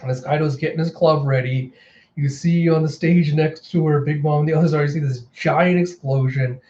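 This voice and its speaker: A man recapping a manga chapter for his channel, animated, jumping into character voices as he reads the lines out. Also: fairly high pitch, moderate pace, muffled recording. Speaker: manga reaction host. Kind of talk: casual manga reaction, acting out lines.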